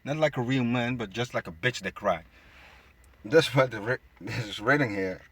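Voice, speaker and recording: A man's voice: medium pitch, normal speed, fairly bright tone, breathy edge. A man reading scripture aloud and commenting on it, stumbling over words and adding mocking asides. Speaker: bible teacher. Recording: close dry phone screen recording.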